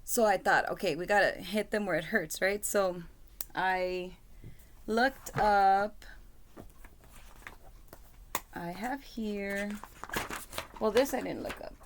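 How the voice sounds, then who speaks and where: Gravelly-voiced woman rambling through a vlog. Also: medium pitch, takes it slowly, a little hiss or hum. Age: adult with a school-age son. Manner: rambling, apologetic, many fillers. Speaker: parent vlogger. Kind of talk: casual vlog talk. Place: home, talking at her computer. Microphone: computer webcam mic.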